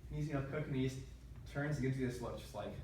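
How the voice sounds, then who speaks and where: A man giving a prepared speech to an audience, telling a humorous family story with animated delivery. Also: mid-range voice, racing, a crowd in the background. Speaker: public speaker. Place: meeting room with an audience. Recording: echoey room from a distant mic.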